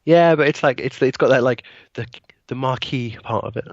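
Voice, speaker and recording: A man's voice: mid-range voice, normal speed, no room sound, lo-fi sound. A man co-hosting a casual gaming podcast, talking loosely with lots of ums and likes. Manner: hesitant, many ums and likes. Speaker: podcast co-host. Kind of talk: casual chat.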